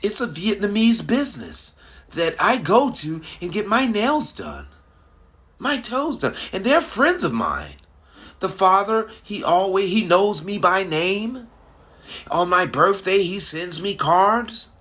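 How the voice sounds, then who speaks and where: A man's voice: very animated, a bit bright, exaggerated voice. A man mimicking a prim, offended young woman. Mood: indignant. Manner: high, drawn-out mimicking voice.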